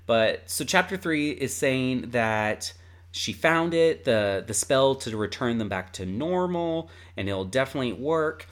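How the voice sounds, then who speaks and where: A man's voice: medium pitch, animated, measured pace, fairly bright tone. A man with a mid-range voice talks through a story in a casual podcast chat. He rambles a little and peppers his sentences with filler words. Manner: chatty, with frequent fillers. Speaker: podcast co-host.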